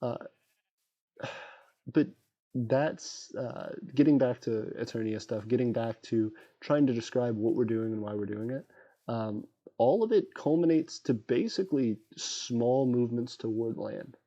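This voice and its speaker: A man hosting a casual livestream while gaming, rambling excitably and chatting to the creatures on screen. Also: medium pitch, measured pace. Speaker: livestream host. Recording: dull lo-fi sound with faint background beats.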